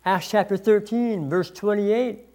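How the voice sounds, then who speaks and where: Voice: medium pitch, measured pace, dark tone. A pastor preaching a sermon, reading scripture passages aloud with emphasis and explaining them.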